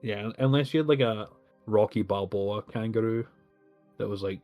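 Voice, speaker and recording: Man, podcast co-host, casual chat, relaxed tone, lots of ums and laughs. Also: lowish voice, normal speed, soft background music. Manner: laughs often, many fillers.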